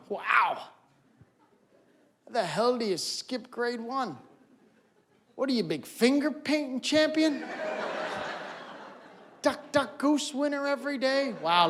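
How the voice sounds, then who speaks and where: A man performing stand-up comedy on a stage, animated and acting out scenes. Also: very high-pitched, a little hiss or hum. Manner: animated, acts out voices and scenes. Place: auditorium stage before a live audience.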